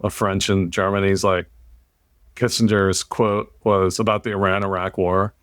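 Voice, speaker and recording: A man's voice: low voice, moderate pace, dry recording, clean studio sound. An American man hosting a podcast, talking in a blunt, opinionated way, swearing now and then. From United States. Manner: blunt, swears, animated rants. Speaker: podcast host. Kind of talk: casual opinionated chat.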